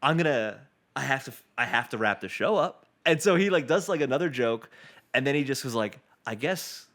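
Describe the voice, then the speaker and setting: A young man tells a story at a fast clip, with lively switches as he acts out each person he quotes. His voice sits at a middle pitch. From Boston. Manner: animated storyteller acting out quotes. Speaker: comedian guest. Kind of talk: storytelling in a podcast interview.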